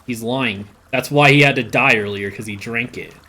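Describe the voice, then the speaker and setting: Bright, giggly streamer playing a game. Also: medium pitch, moderate pace. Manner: giggly, laughing between remarks. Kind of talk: casual gameplay chat.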